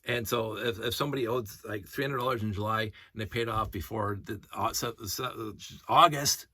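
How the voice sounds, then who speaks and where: A man vlogging in a casual, rambling storytelling rant, animated and indignant as he retells events. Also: on the low side, normal speed, no room sound.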